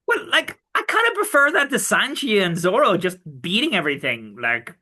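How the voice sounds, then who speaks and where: A man's voice: high voice, huge pitch swings, normal speed, pushed and bright. A man co-hosting a casual podcast, playful and bantering as he reads a comic aloud. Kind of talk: casual chat.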